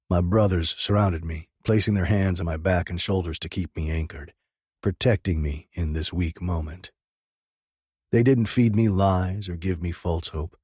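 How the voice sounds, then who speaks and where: A man's voice: low voice, a little slow, a little mellow, slightly rough, no echo, clean studio sound. A man narrating a first-person audiobook with an intense, dramatic reading.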